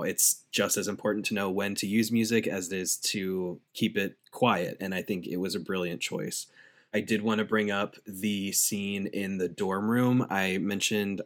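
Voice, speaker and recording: A man co-hosting a podcast, talking through a TV episode in a relaxed, thoughtful way that trails off softly. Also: low-pitched. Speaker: podcast co-host. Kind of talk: casual podcast chat.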